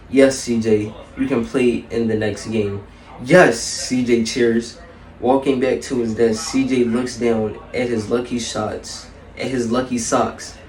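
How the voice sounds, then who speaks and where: A man reading a children's story aloud in a steady, even storybook manner. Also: medium pitch, recorded from a distance, slight background noise. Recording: echoey room, a bit off-mic.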